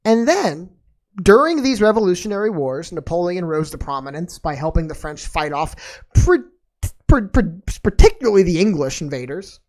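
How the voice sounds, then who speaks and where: A woman's voice: lowish voice, very animated, normal speed, darkish tone. Rambling laid-back woman podcast host. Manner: rambling and tangential, with many fillers and restarts; laid-back and slangy, calling listeners dude and man. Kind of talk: casual chat.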